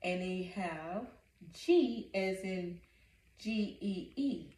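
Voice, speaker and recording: A woman's voice: mid-range voice, expressive, slow, a little mellow. A woman working as a reading coach, giving a phonics lesson in a patient manner and repeating each word syllable by syllable. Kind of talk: phonics lesson, sounding out words. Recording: echoey room, voice from a distance.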